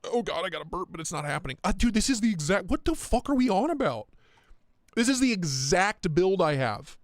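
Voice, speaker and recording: A man hosting a casual live stream, talking in excitable, profane, rambling rants. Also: high-pitched, a little fast, no echo, studio quality. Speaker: livestream host.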